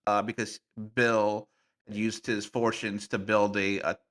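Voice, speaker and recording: A man guesting on a podcast, telling tabletop game stories in a playful, animated way with plenty of fillers. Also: on the low side, slow. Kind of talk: casual podcast conversation.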